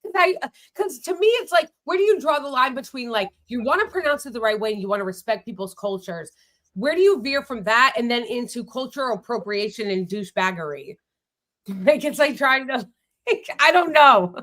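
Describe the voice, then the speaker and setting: A woman's voice: fairly high pitch, expressive, brisk, a bit bright. An American woman hosting a casual political chat, blunt and heated, swearing freely. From United States. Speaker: host.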